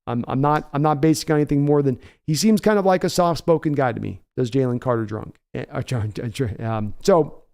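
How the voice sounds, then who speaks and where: A man's voice: mid-range voice, brisk, vocal fry, few pauses, a little mellow, clean tone. A man hosting a live stream, chatting in a rambling way and reading donor messages aloud. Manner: rambling, chatty, reads donations. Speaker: host. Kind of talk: live stream reaction chat.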